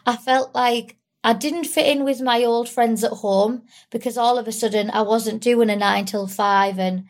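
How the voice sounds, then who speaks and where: A young woman with a slightly high voice speaks as an interview guest. She sounds tearful and candid, and she rambles through her story with lots of fillers. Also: steady tone, normal speed. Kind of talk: emotional personal interview.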